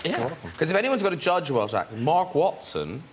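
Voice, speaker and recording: A man's voice: on the high side, big pitch swings, moderate pace, over a noisy crowd. Chat show host guy, playful, voice jumps around a lot, noisy studio. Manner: chatty and playful.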